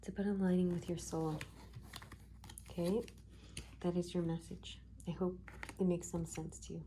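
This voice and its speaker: A woman giving a casual tarot reading, soft-spoken and reassuring, often slipping into a half-whisper as she muses over the cards. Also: on the low side, level tone, normal speed, slight background noise. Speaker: tarot reader.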